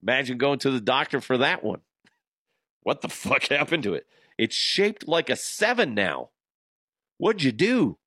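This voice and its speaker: Man, casual comedic chat, average pitch, dry studio sound. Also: big pitch swings, unhurried, long pauses, pushed and bright, no echo. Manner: amused, laughs between lines. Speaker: podcast host reading listener messages.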